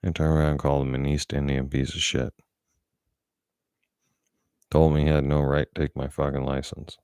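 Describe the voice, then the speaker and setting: A man's voice: a bass voice, little pitch movement, moderate pace, darkish tone, clean tone, dry recording, clean studio sound. A middle-aged man talking bluntly and profanely in a casual monologue. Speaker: vlogger.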